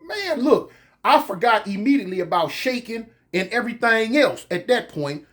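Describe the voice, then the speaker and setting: Slangy man spinning a comic yarn. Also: high-pitched. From California. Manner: animated, slangy, drawn-out pauses. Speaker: storyteller. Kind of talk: casual comic storytelling.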